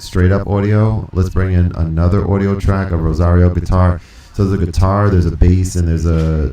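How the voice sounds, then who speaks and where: A man with a low, mellow voice chats casually on a live stream about his music recording setup, picked up by a studio microphone. He thinks out loud and corrects himself as he goes.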